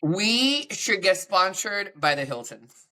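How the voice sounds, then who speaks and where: A brash, joking woman chats on a podcast in a bright, forceful voice. She swears easily and drops Spanish phrases into her English. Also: mid-range voice, very animated, slow. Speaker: podcast co-host and comedian. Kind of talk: casual chat.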